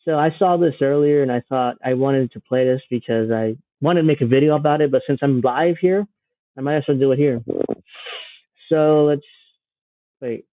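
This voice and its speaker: A man's voice: medium pitch, normal speed, dry recording. Sarcastic guy ranting on a livestream, dry tinny phone-ish sound. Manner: sarcastic, rambling. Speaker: livestream host. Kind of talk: live political commentary.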